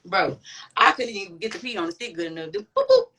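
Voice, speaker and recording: A woman speaking as a podcast guest with a bright, forceful voice. Her talk is blunt and emphatic, full of slang and profanity. She tells a personal story in a loose, chatty way. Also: medium pitch, sing-song, fast talker, slight background noise, rough recording. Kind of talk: casual storytelling chat.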